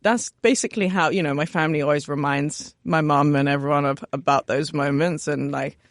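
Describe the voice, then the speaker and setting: A young woman chef from West London with a West London accent, chatting relaxed in an interview, laughing often and filling with "you know". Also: low voice, a little fast, dry recording, clean studio sound. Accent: West London English. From West London, England. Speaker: chef, guest. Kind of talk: casual interview chat.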